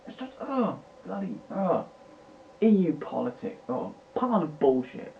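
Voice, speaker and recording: Sitting at his computer at home, a British man vlogs an unscripted political rant, rambling, agitated and swearing. His high voice is sing-song and unhurried, with vocal fry, captured by a tinny lo-fi mic with faint hiss.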